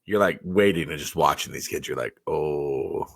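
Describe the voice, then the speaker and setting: A man's voice: extremely low pitch, a little fast, gravelly, slightly rough. A middle-aged man, a teacher and football coach, telling jokey stories in casual podcast chat. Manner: animated storyteller, jokey.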